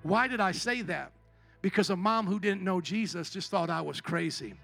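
Pastor guy preaching, high bright voice, goes from low storytelling to loud shouting. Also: moderate pace, creaky, soft background music. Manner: preaching with big swings between quiet storytelling and shouting. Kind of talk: sermon. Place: church service.

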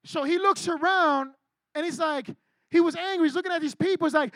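A man with a strikingly high voice preaches to a youth group in a loose, slangy way. He asks the kids questions and calls on them by name. The sound is dry, with almost no room echo. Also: brisk, pushed and bright. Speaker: youth pastor. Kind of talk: casual sermon to youth.

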